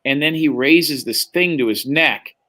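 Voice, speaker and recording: A man's voice: on the high side, a little slow, bright, forceful tone. A man telling anecdotes on a live stream chat, laid-back and profane. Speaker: guest.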